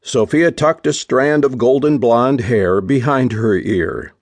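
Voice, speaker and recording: A male narrator reading a western romance aloud. His voice is gravelly and a bit husky, slow-paced with lively pitch, recorded dry and close. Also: no echo. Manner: measured, unhurried storytelling. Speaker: audiobook narrator. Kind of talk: scripted narration.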